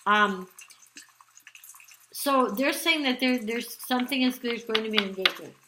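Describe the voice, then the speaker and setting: A woman's voice: fairly high pitch, normal speed, noisy background. A woman giving a casual spoken tarot reading, rambling with many ums and restarts. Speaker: tarot card reader. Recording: echoey room.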